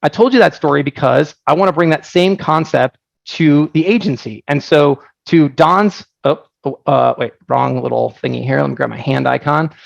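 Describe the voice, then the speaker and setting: A man presenting his software on a live webinar, energetic and joking, telling stories with lots of asides. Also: fairly high pitch, normal speed, vocal fry, dry recording, highs cut off. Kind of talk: casual live product presentation.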